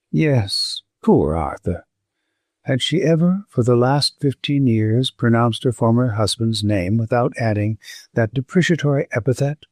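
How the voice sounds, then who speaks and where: A man narrating a classic novel as a scripted audiobook, with expressive, varied intonation. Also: mid-range voice, no echo, clean studio sound.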